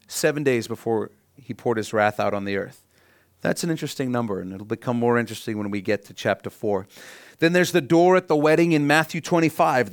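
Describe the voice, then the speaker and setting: Male pastor, sermon delivery, earnest teaching tone, rhetorical questions, mid-pitched voice, dry close sound. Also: no room sound.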